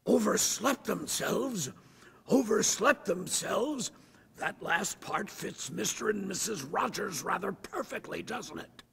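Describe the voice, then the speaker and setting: A man hamming up a bad stage-British gentleman. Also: high voice, animated, takes it slowly, creaky, a little hiss or hum, voice pushed up, heavily acted. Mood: pompous. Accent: bad put-on British. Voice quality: affected, overly proper reading. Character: stiff teen boy as British gentleman.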